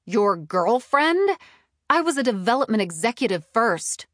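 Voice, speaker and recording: Brief: woman playing a furious young TV exec, high and lively, close dry audiobook voice. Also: moderate pace, breathy edge, no echo, heavily acted. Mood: outraged. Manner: outraged, pleading. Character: indignant young female TV development executive. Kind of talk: audiobook character reading.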